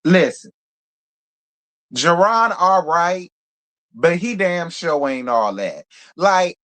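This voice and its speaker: A man with a slightly high voice gives casual live commentary on a reality dating show. He is sassy and blunt and swears freely. He breaks off into animated asides. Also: slow. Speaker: reality TV review host.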